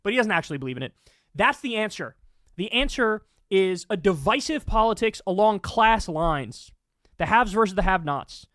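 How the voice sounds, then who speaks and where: A man's voice: sits high, expressive, moderate pace, fairly bright tone, no room sound, clean studio sound. A man hosting political commentary, ranting angrily with lots of swearing. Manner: angry, profane ranting.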